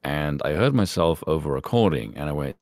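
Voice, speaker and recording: A man in his thirties, originally from Ireland, talks in a very deep, resonant voice. He chats on a podcast in a calm, wry way and swears freely. The recording is dry and close, with no room sound. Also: fairly quick, dry recording. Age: 30s. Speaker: podcast co-host. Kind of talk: casual chat.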